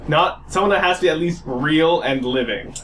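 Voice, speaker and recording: Young male podcast co-host, slightly high voice, loose chatty delivery, frequent laughs. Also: normal speed, a bit bright, a little hiss or hum. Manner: laughs often, restarts sentences. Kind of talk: casual chat.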